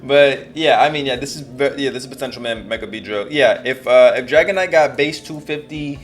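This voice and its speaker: Excitable man, laughing through casual chat. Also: mid-range voice, a little fast. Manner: excitable, laughs often mid-sentence. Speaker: co-host of a competitive game discussion.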